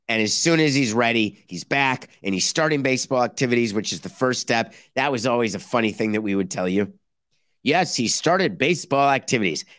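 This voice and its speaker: Male podcast host, sarcastic and animated, dry close-mic sound. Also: mid-range voice, no room sound. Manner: sarcastic, animated, mock-quoting others. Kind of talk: opinionated sports talk monologue.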